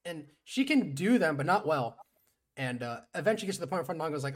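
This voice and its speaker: A man's voice: sing-song, fast, husky. A man co-hosting a podcast, telling a show's events in casual, profane chat. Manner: profane, storytelling, mimics people in high voices. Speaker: podcast co-host.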